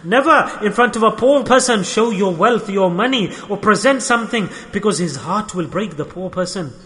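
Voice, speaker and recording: A man's high, expressive, fairly bright voice moves at a moderate pace through a passionate sermon. He repeats phrases and dramatizes the voices in his stories, and the recording has long hall reverb.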